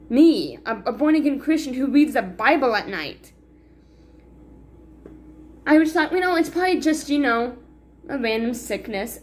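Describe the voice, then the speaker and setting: A woman's voice: a little high, a little hiss or hum. A woman talking to her viewers in a rambling, self-critical confessional vlog, full of restarts and sighs. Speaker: vlogger.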